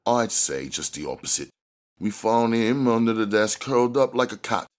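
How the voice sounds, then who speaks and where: A man's voice: on the low side, normal speed, voice pushed up, close to an everyday voice. A man reading a plain-spoken male agent. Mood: briefing. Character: matter-of-fact male federal agent.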